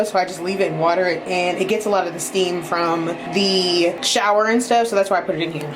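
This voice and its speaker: A woman chatting casually in a home vlog, animated, her voice jumping high when she exclaims. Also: fast talker, hardly any pauses. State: a bit out of breath. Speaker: vlogger. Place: apartment rooms, moving around.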